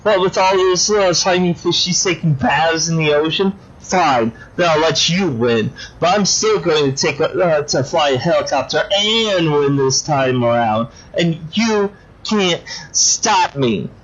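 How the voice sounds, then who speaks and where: A man's voice: on the high side, lively intonation, a little slow, a bit bright, pitched above the performer's own voice. A man voicing a whiny, childish female villain in a video game, who talks in a petulant, squealing way, on a dull lo-fi recording.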